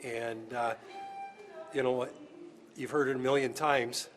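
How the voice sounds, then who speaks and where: A male politician answering reporters in a press scrum, measured and pausing as he thinks. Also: medium pitch, fairly even intonation, soft background music.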